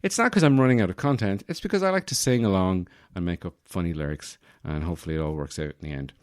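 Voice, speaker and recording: A man's voice: low-pitched, expressive, quick pace, a little mellow, clear, resonant tone, dry recording, studio quality. A young man hosting a casual solo podcast from his apartment, rambling and joking with lots of self-correcting asides. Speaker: podcast host.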